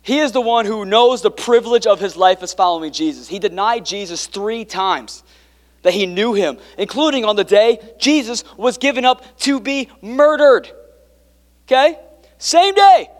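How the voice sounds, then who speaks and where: High-voiced man preaching in a reverberant hall. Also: normal speed. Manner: dynamic preaching, swinging from quiet to emphatic; joking asides to the congregation. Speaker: pastor. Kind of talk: sermon.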